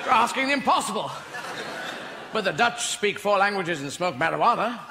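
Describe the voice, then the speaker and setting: A man's voice: high voice, animated, normal speed. A man with an English accent performing a rambling, playful stand-up comedy set on a large theater stage. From Britain. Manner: rambling, playful, voices imaginary characters. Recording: echoey hall with audience noise. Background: audience laughter.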